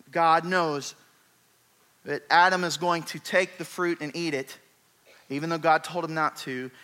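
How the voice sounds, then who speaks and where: A man preaching with a bright, forward voice that sits a little high. He retells scripture in an animated, conversational way, punching key words with sudden rises. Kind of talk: sermon.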